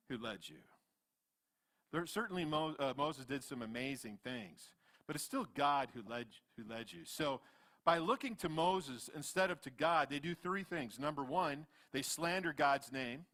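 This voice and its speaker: A man in his fifties, a pastor preaching a sermon in church, swinging between loud animated retellings and quiet asides. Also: mid-range voice. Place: church sanctuary.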